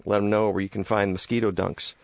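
A man hosting a radio garden show, talking casually in a rambling, halting way with many fillers. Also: lowish voice, level tone, vocal fry, no echo.

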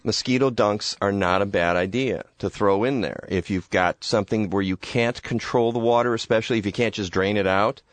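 A man hosting a radio garden show, talking casually in a rambling, halting way with many fillers. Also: lowish voice, dry recording.

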